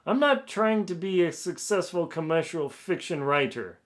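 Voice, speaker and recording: A man's voice: fairly high pitch, big pitch swings, normal speed, voice pushed up. A man reading out a nasty review in a put-on pompous English accent, playing a snobbish literary critic. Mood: pompous, sneering. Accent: mock posh English. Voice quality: pompous, sneering.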